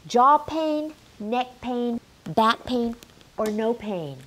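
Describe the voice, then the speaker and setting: A woman's voice: fairly high pitch, animated, slow, a bit bright, slight background noise. A middle-aged woman teaching a health lesson straight to camera, emphatic and quizzing the viewer. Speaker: menopause health educator.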